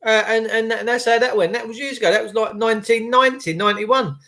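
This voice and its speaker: A middle-aged man, podcasting in a blunt, animated rant and swearing freely. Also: very high-pitched, fast. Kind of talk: ranting monologue.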